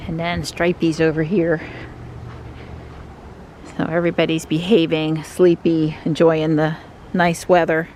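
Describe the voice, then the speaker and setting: A woman's voice: deep voice, level tone, a little slow, long pauses, a little mellow, a little hiss or hum. A woman vlogging in a casual, chatty, rambling way from her car. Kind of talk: casual chat while driving.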